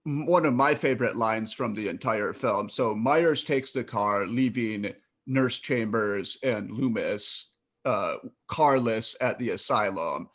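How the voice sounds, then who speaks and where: A man co-hosting a film podcast, speaking in a measured way, quoting lines and agreeing briefly. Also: lowish voice, fairly bright tone. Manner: measured, quotes dialogue, short agreements. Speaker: podcast co-host. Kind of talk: casual film discussion.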